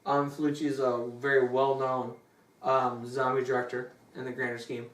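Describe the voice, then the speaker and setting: A movie reviewer telling a plot in a crude, rambling, animated way during a casual review. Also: medium pitch, moderate pace. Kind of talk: comedic movie review chat. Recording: roomy room, distant mic.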